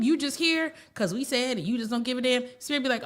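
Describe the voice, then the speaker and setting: A woman spiritual teacher with a fairly high, expressive voice talks fast and casually. Her manner is blunt and folksy, and she repeats herself for emphasis.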